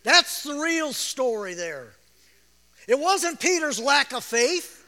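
Preaching slowly in a sing-song manner, a man uses a very high, bright, forceful voice to tell the story with feeling, breaking into shouts now and then. He often repeats himself and chuckles softly, and a large church hall's long reverb rings on every word.

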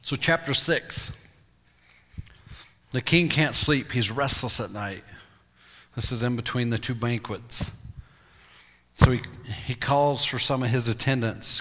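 Mid-pitched male preacher in a reverberant hall. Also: measured pace, long pauses. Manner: storytelling, animated retelling. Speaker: pastor. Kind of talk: sermon.

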